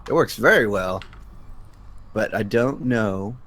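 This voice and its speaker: A man's voice: lowish voice, slow. A man guesting on a casual gaming stream, jokey and a bit sleepy. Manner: animated, jokey, sleepy after waking.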